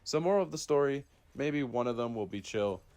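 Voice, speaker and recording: A man's voice: mid-range voice, expressive, fairly quick, a little mellow. A young man telling a school story in a laid-back, casual way, full of likes and fillers. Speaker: storytime narrator.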